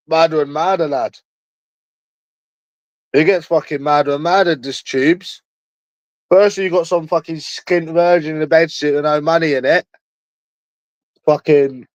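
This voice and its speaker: A man's voice: a little high, fairly bright tone, no echo. A man streaming alone, rambling in a casual, mocking monologue full of swearing. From London. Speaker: livestreamer.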